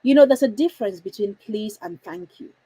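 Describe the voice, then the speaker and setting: A woman coaching parents, talking emphatically and deliberately changing her tone and pace to stress key points. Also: mid-range voice, expressive, dark tone, slightly rough, no room sound, low-quality recording. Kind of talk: instructional talk to parents.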